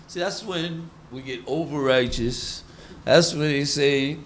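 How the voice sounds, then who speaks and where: A man's voice: fairly high pitch, slow, slight background noise. A man preaching a sermon on proverbs in a folksy, colloquial way, acting out everyday quotes.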